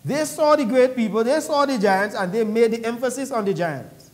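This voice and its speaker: A man's voice: extremely high pitch, animated, moderate pace, a little mellow. A man preaching a sermon in church, reading scripture aloud and explaining it in a conversational way, with questions to the congregation.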